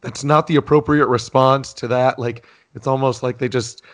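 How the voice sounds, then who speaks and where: A man co-hosting a podcast, chatting casually and praising an old sitcom scene in a relaxed way. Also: medium pitch, moderate pace. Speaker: podcast co-host.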